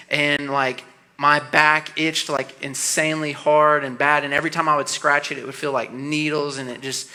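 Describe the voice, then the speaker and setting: A man in his thirties preaching a youth sermon, telling a story with animated energy and then dropping into soft, earnest appeals. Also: on the high side. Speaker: youth pastor.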